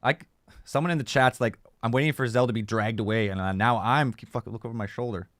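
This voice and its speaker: Fast-talking joking male host. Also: medium pitch, a bit bright, dry recording, clean studio sound. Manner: joking, swears freely. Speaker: host of a call-in show. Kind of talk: casual call-in radio chat.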